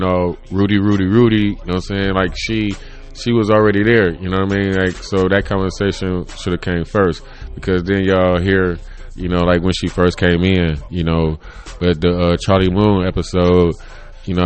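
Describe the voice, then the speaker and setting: A man in his thirties hosting his own podcast, rambling casually, laughing often and swearing freely. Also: deep voice. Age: 30s. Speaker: podcast host. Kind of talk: casual solo chat. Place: home room.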